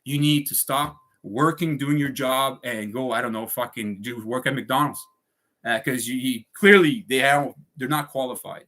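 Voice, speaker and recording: A man's voice: medium pitch, pushed and bright. A man ranting to his viewers in a heated monologue, swearing often and repeating himself. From Canada. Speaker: vlogger.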